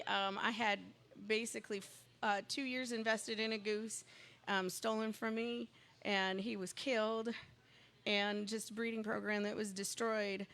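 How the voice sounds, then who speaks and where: A woman's voice: a little high, clean tone. Chatty woman telling a rambling story. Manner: chatty, rambling storyteller who gets excited. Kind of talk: casual chat.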